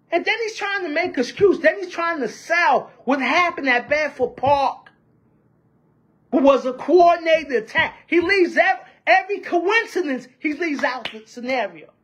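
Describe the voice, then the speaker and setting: Fiery high-voiced woman ranting. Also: lo-fi sound. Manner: fiery, repetitive, rhetorical questions. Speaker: union member. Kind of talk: impassioned union-politics rant.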